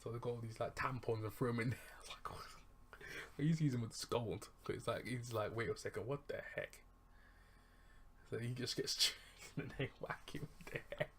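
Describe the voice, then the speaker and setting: A man's voice: medium pitch, brisk, few pauses, a bit bright, whispered. A man casually retelling a film's plot as a reviewer, rambling, chuckling and correcting himself as he goes. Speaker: movie reviewer.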